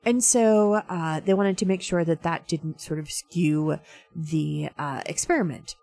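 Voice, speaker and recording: A woman's voice: deep voice, steady tone, a little slow, creaky, mellow, dry recording. A woman hosting a casual talk segment, chatty and full of fillers as she walks through a science story. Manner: chatty, many fillers, self-described science dork. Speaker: host.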